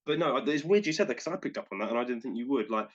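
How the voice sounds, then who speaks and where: A man co-hosting a podcast in casual chat, enthusiastic and quick to act out little asides. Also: mid-range voice, animated, dull audio. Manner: enthusiastic, talks in bursts with quick acted-out asides. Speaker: podcast co-host.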